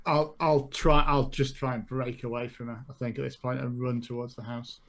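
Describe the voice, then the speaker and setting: A man playing a tabletop game talks through his character's actions hesitantly, with many restarts. His voice is mid-pitched and gravelly with fry. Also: level tone, moderate pace, a bit bright. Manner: hesitant, rambling. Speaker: player.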